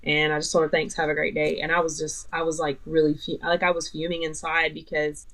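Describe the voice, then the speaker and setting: A woman's voice: low voice, level tone, fairly quick, fairly bright tone, rough recording. Middle-aged woman, vlogger, chatty rambling storyteller who keeps quoting others. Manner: rambling, retells dialogue, many fillers. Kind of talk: personal storytelling.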